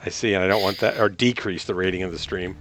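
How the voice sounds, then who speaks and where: A man's voice: low voice, steady tone, quick pace, a bit bright. A man hosting a casual gaming live stream, bantering and joking with friends over voice chat. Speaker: streamer host.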